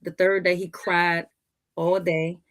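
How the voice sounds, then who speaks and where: Animated woman telling a family story. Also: fairly low pitch, slow. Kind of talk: casual storytelling.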